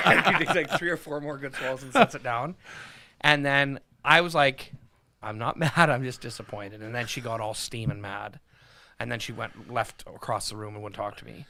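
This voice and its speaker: A man in his thirties, a podcast guest telling swearing-laced anecdotes in casual chat. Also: medium pitch. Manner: profane, animated anecdote-telling. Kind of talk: casual storytelling.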